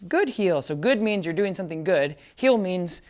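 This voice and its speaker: Her fairly low voice moves at a moderate pace with lively intonation as this dog trainer runs a casual hands-on lesson. She repeatedly confirms understanding with "does that make sense?" and tosses in brief, upbeat praise for the dog.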